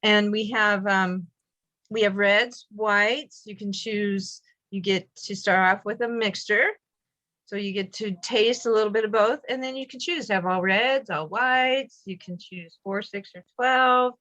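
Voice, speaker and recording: Bright-voiced woman on muffled call audio. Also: mid-range voice, fairly even intonation, a little slow. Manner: upbeat, with filler ums. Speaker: wine club member. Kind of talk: casual pitch on a video call.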